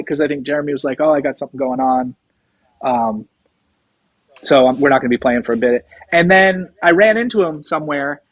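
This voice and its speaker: Middle-aged male guest, rambling storyteller, slightly high voice, dry close mic. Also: dry recording, lo-fi sound. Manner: rambling anecdotes, acts out quoted dialogue. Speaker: guest musician, drummer. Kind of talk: casual storytelling interview.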